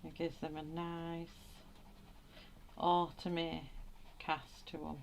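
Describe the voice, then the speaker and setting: A woman chats casually with her live viewers as she colours at her desk. Her voice sits a little low and she talks at an unhurried pace, laughing often. The home recording is noisy with clicks of pencils. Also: flat delivery, creaky. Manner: chatty, laughs often, reads out viewer comments. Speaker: coloring livestream host.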